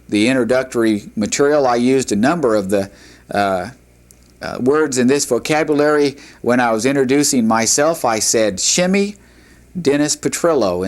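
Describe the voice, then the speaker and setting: A man teaching a language lesson, pronouncing each word slowly and repeating it, with frequent fillers and restarts. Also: mid-range voice. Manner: slow, careful pronunciation drills with repeated words. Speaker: Hebrew teacher. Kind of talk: recorded classroom lecture.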